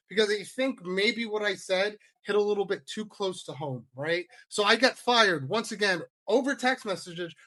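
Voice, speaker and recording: A man's voice: high voice, pushed and bright. A male pro wrestler in a heated, sarcastic, profane rant straight to the camera. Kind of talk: angry direct-to-camera rant.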